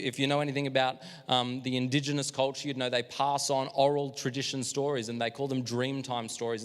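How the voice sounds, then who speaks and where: Man, youth leader, casual and energetic, hall reverb. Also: medium pitch. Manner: energetic, chatty, self-deprecating. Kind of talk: live youth service talk. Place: church hall, live stream.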